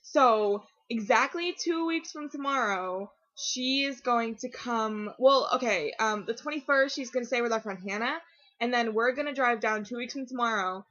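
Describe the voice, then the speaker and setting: A teenage girl chatting casually to her camera at home, rambling and excitable, full of fillers and restarts. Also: a little high, normal speed. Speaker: vlogger. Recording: dull lo-fi webcam audio.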